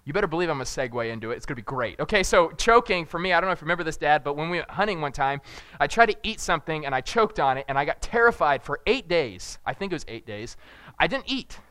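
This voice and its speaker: A young man preaching a casual sermon, telling rambling, jokey family stories and loudly acting out moments of panic. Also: on the high side, lively intonation, quick pace, no room sound. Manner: jokey, rambling storyteller who shouts acted-out panic. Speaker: pastor.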